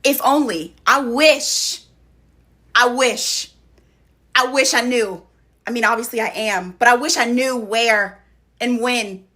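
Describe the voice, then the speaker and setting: A woman chatting to camera in an animated, playful way, acting out what people say to her. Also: fairly high pitch, slow pace. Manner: animated, playful, acts out quotes. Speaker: social media commentator. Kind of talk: casual chat to camera.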